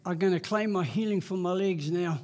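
High-voiced New preacher. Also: male voice, a little fast, a little mellow. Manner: folksy storytelling, chuckling at himself. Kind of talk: sermon with personal testimony.

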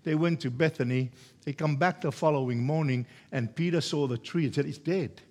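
A man preaching a sermon, emphatic and repetitive, building from quiet explanation to loud exhortation. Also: a little high, a little fast.

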